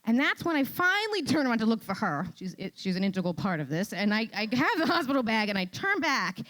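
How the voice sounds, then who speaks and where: A woman with a New York accent telling a comic story on stage, animated and exclaiming, often tagging lines with "right?". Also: fairly high pitch, quick pace. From Queens, New York. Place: event stage before an audience.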